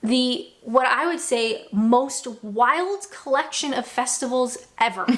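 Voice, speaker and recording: A woman's voice: on the high side, animated, slow pace. A woman from the United States talking to camera in a playful way, acting out little quoted exchanges. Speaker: video presenter. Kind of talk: scripted talk to camera.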